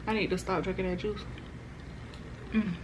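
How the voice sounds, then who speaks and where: A woman's voice: mid-range voice, fairly even intonation, moderate pace, background noise. A woman food vlogger in casual mukbang chat, talking to viewers between bites.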